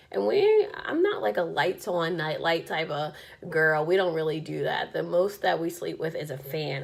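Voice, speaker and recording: Animated, exasperated mom ranting to camera. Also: female voice, medium pitch, gravelly. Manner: chatty, exasperated, lots of "like". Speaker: vlogger, single mom. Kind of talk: casual storytelling rant to camera.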